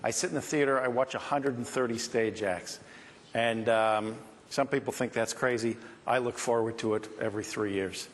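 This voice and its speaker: A man's voice: mid-range voice, steady tone, normal speed. A man hosting a conference, introducing the next performer with chatty, upbeat patter. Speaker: conference host introducing acts. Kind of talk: stage introduction. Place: large conference hall. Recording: long hall reverb with faint audience.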